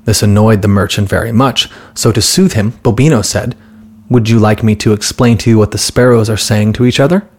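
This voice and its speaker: Male narrator, deeper voice with some breathiness, steady children's storybook reading. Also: brisk. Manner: calm, steady storytelling with light voices for characters.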